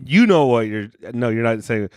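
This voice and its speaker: A man's voice: mid-range voice, expressive, moderate pace, a little mellow, no echo, clean studio sound. A man in his thirties co-hosting a comedy podcast, defending himself and arguing in circles. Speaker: podcast co-host. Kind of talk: casual comedic banter. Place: home studio room.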